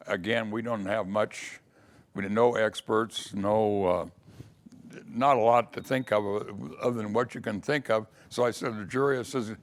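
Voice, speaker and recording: An older man recalling his early years as a lawyer in a casual, storytelling way. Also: lowish voice. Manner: storytelling, acts out quoted voices. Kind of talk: casual spoken memoir.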